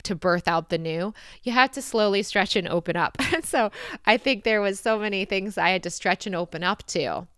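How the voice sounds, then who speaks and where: A woman's voice: mid-range voice, normal speed, a bit bright, clean tone, dry recording, clean studio sound. A woman in her thirties with an American accent, hosting a podcast and answering listener questions in a chatty, reflective way. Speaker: podcast host. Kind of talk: casual podcast Q&A.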